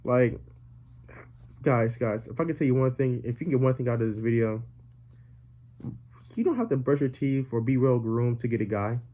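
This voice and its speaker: A young man spins a comedic storytime for his viewers, his voice dark and mellow. He rambles, piles on fillers and slips in deadpan jokes as he goes. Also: medium pitch, normal speed, long pauses. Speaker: vlogger.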